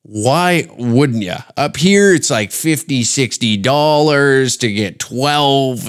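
A man's voice: medium pitch, slow pace, few pauses, clean tone. Crude rambling Canadian man. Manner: crude, rambling, animated with put-on quotes. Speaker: podcast host. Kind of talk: casual comedic rant.

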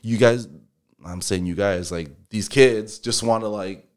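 A man with a very low voice talks casually as a guest on a podcast. He rambles in a relaxed way and fills his sentences with little asides. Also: a little slow. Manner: relaxed, rambling, heavy use of filler phrases. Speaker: guest, contractor.

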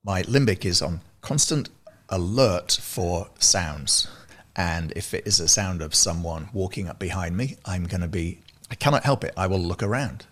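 Low male voice, very expressive intonation, chatty guest with restarts. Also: normal speed. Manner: animated, restarts often, laughs between points. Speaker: guest, music service founder. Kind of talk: casual interview chat. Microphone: video call.

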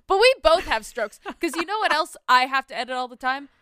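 A woman's voice: high voice, lively intonation, fairly quick, sharp tone, no echo, clean studio sound. A woman co-hosting a podcast in casual chat, telling wry stories and teasing her co-host.

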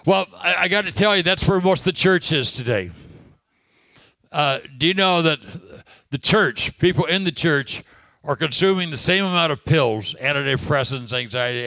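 A man's voice: fairly high pitch, pushed and bright, dry recording. A man preaching a sermon, telling a personal story in a conversational way, laughing often and asking the congregation questions.

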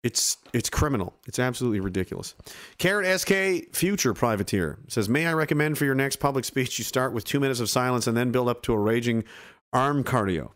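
A man's voice: medium pitch, animated, fairly quick, fairly bright tone. A man in his thirties from Canada, a veteran streamer giving blunt, profane, heated commentary to his live chat. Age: 30s.

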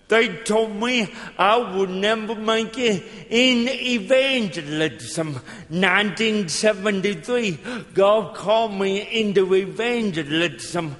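A middle-aged man with slurred, effortful speech, preaching a slow, emphatic sermon with call-and-response. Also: high voice, expressive, fairly bright tone. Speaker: evangelist. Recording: long hall reverb.

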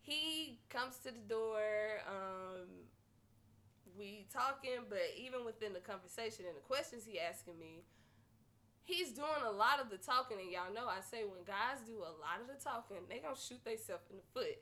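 A woman with a high, bright voice. She hosts a podcast and tells a story in casual chat. She is blunt, profane and animated. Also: moderate pace. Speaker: podcast host.

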